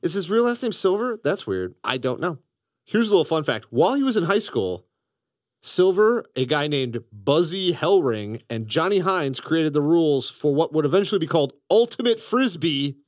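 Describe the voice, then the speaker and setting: A man hosting a comedy podcast, joking around and now and then slipping into a gruff put-on accent. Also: on the high side, very animated, moderate pace, dry recording, studio quality. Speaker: podcast host. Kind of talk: comedic casual chat.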